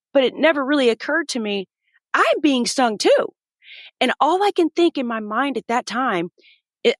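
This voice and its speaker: A woman's voice: medium pitch, fairly bright tone, dry recording, studio quality. A woman in her thirties, a podcast guest, vividly telling a personal story and acting out the voices of the people in it.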